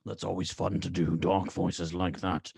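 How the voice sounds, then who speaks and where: A man playing a booming, very low cartoon villain, loud, slow and menacing. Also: flat delivery, vocal fry, slightly rough, no room sound, exaggerated voice. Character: deep, scary, villainous cartoon father.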